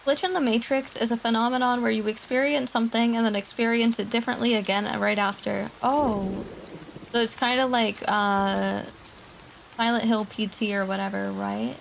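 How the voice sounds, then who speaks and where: A woman's voice: on the high side, steady tone, moderate pace, vocal fry, slight background noise, poor audio. A woman streamer chatting casually with her viewers and reading spooky online stories aloud.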